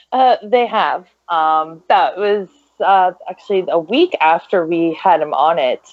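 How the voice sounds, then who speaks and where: Low-voiced mother, chatty. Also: slow, no room sound, phone-quality sound. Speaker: guest, mother. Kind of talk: interview answers.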